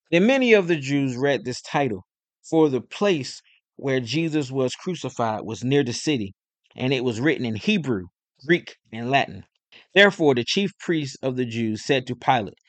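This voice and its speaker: A man reading scripture aloud in an even, steady manner. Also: mid-range voice, normal speed, dry recording. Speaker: scripture reader.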